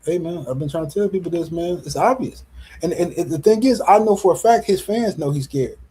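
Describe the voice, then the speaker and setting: A man's voice: fairly high pitch, brisk, mellow, slight background noise, poor audio. A man hosting a casual boxing livestream, reading super chats and ranting in slangy, repetitive talk. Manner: slangy, repeats himself, rants and reads super chats.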